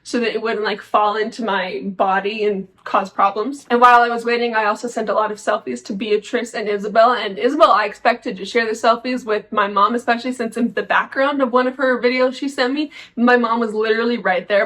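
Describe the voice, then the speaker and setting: A woman's voice: fairly high pitch, a bit bright, low-quality recording. A young woman vlogging, telling a personal story in a chatty, candid, self-mocking way with lots of fillers. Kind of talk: casual storytelling.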